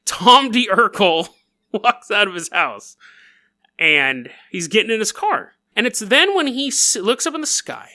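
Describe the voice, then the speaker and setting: A man hosting a podcast, telling a strange story in a playful, jokey way with quick asides. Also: high voice, big pitch swings, sharp tone. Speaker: podcast host. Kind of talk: casual comedic storytelling.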